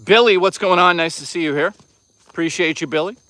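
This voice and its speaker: A man's voice: high voice, fairly quick, bright, forceful tone, dry recording. A man hosting a casual livestream outdoors on a hike, rambling and swearing as he chats with viewers. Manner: rambling, profane, chatty with viewers. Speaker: livestream host.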